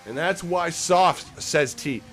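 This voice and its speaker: A man's voice: on the high side, slow, a bit bright, soft background music. A man giving casual, joking live commentary on a sim race, swearing freely as he calls the action.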